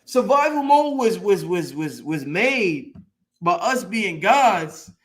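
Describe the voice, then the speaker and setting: A man's voice: sits high, big pitch swings, slow pace. A man hosting a late-night online show, giving an emphatic, preachy motivational talk that repeats points and swears casually. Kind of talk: motivational live-stream talk.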